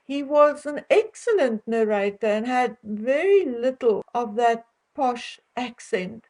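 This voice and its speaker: A woman's voice: on the high side, darkish tone, rough recording. An older South African woman chatting casually to her viewers, opinionated and chatty, often laughing between remarks. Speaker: vlogger.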